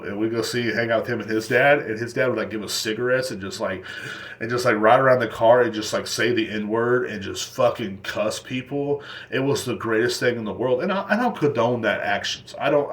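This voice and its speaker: A young man hosting his own podcast, telling crude stories in a rambling way and laughing at his own jokes. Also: mid-range voice. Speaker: podcast host. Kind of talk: rambling solo podcast storytelling.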